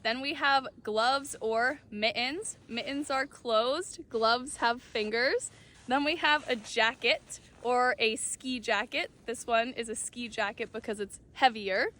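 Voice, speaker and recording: Woman English teacher, high voice, slow clear delivery of word explanations. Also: fairly bright tone. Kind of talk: short English-tip reels.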